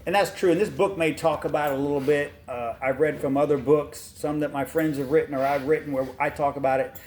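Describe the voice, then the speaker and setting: A man's voice: a little high, fairly even intonation, brisk, a little mellow, slight background noise. A man, hosting a show. He reads aloud from a book and breaks off into blunt, folksy, fired-up rants. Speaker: podcast host reading a book aloud. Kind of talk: casual commentary mixed with reading aloud.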